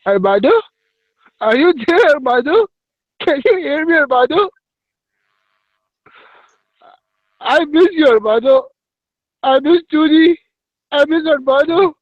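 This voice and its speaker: A man's voice: very high-pitched, slow, long pauses, dry recording, lo-fi sound, pitched above the performer's own voice. A man voicing a lonely, wistful security guard, calling out plaintively.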